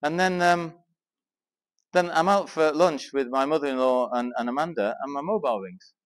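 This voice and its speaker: A middle-aged man from England telling an animated personal story to a Christian men's gathering, acting out the dialogue as he goes. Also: on the high side, moderate pace. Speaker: speaker at a men's Christian weekend. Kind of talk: storytelling talk to a live audience.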